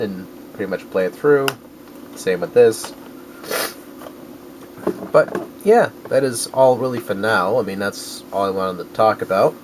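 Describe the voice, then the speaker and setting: A man's voice: fairly low pitch, background noise. A man rambling casually in a vlog about his collecting finds, correcting himself often and dropping crude jokes. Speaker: video game collector vlogger.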